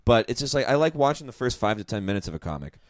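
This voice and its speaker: A man's voice: medium pitch, very animated, racing, dry recording, clean studio sound. A man hosting a casual chat, rambling and self-mocking as he talks. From New York. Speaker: podcast host.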